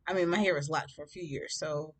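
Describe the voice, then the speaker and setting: A woman's voice: deep voice, fairly even intonation, quick pace. A woman telling a personal story in a casual vlog, sassy and laughing often.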